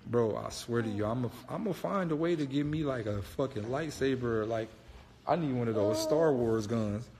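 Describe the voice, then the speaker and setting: A man casually telling a story, animated, slangy and profane. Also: medium pitch, moderate pace, long reverb tail, slight background noise. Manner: animated, profane, slangy, keeps saying "bro".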